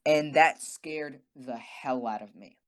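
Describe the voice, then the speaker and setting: A man's voice: mid-range voice, takes it slowly. A young man tells a story on his podcast, swearing freely and speaking with animation. He drops into little impressions of the people he quotes as he goes. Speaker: podcast co-host. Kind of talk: casual storytelling.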